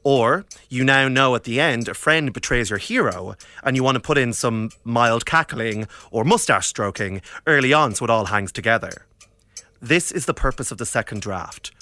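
A man presenting a scripted segment of writing advice, brisk, encouraging and direct. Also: medium pitch, bright, forceful tone, dry recording.

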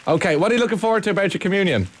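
A woman's voice: medium pitch, animated, very fast, background noise. An adult woman hosting a playful chat with a child, teasing and joking with her. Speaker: radio host.

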